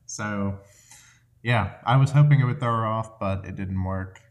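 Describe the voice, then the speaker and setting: A man's voice: lowish voice, unhurried, soft background music. A man co-hosting a podcast, chatting casually and chuckling at himself. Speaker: podcast co-host. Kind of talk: casual chat.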